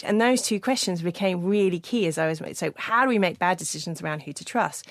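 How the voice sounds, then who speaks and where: Female author guest, low register, dry studio mic, earnest and anecdotal. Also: dry recording. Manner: earnest storytelling, quick restarts. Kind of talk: studio interview conversation. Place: podcast studio.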